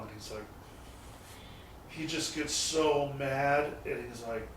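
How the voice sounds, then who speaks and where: A man's voice: medium pitch, normal speed, pauses often, a bit bright. Man rambling in an echoey garage. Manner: rambling anecdotes with mild swearing. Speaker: guest, garage shop owner. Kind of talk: casual storytelling chat. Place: his garage shop. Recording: echoey garage, distant mic, faint noise.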